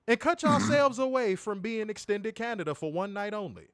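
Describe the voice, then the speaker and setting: A man co-hosting a review podcast, ranting and teasing in a loud, profane, animated way. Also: high-pitched, normal speed, hardly any pauses, clean tone, dry recording, studio quality. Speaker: co-host of a wrestling review show. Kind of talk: casual podcast chat.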